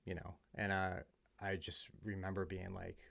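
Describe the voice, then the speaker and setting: Middle-aged man, from the US, gravelly fry, low voice, candid conversational storyteller. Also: monotone, moderate pace. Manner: candid, conversational, drops to a hush at emotional moments. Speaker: podcast guest. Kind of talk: casual storytelling.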